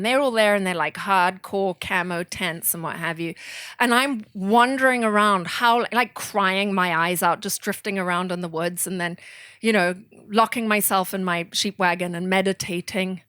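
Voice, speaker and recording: A woman from southern Africa spins anecdotes for a bookstore crowd, animated and quick to laugh at herself. Her voice sits in a middle register. The sound is dry and close. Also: medium pitch, no echo. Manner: animated, self-deprecating, laughs often. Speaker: author speaking at a bookstore event. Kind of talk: storytelling in an audience Q&A.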